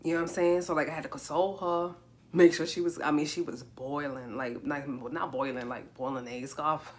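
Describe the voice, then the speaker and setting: A woman in her forties with a low voice tells a personal story on a home livestream. She talks casually, circles back with repeated words and acts out what others said. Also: fairly even intonation, fairly quick, a little mellow. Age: 40s. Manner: repeats herself, acts out quoted speech.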